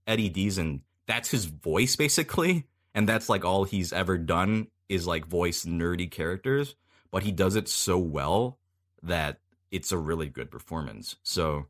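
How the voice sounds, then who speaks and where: Podcast guest, male voice actor, very low voice, unhurried and chatty. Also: animated, a bit bright. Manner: laid-back, explains at length with many pauses. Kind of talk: casual podcast chat.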